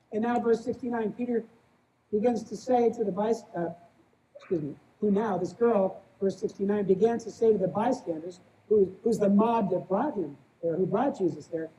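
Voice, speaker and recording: A man's voice: high-pitched, mellow, slight background noise, low-quality recording. A male pastor preaching a sermon in a plain-spoken, conversational way, often checking in with the congregation by asking "right?". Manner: plain-spoken, calls himself a small-town guy.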